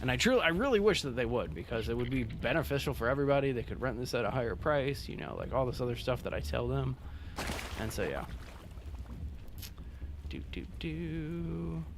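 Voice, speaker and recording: A young man streams a game and rambles to his viewers in a loose, casual way, full of fillers and restarts. His pitch sits in the middle for a man, and a faint hiss runs under the recording. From Southern California. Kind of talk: casual gameplay chat with live viewers.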